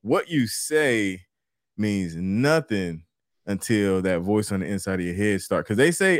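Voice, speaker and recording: A man's voice: fairly low pitch, lively intonation, a little slow, dry recording, clean studio sound. A man co-hosting a podcast, chatting in a laid-back, casual way and saying "man" a lot. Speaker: podcast co-host.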